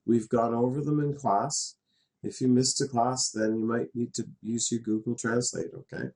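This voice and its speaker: A man's voice: mid-range voice, normal speed, a little mellow. Chatty middle-aged male teacher. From Canada, West Coast. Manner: patient, chatty, laughs as he explains. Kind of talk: classroom lesson in a virtual world.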